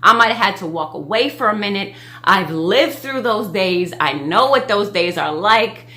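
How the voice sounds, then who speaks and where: A young woman talks through the week's reality-show drama in a loose, gushing vlog chat, leaning on fillers as she goes. Her voice is bright and forward, with a lightly tense edge. She sits at an even, middling pitch. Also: normal speed. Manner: chatty, gushing, lots of "like" and "you know". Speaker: show recap vlogger. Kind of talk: casual reality-show commentary.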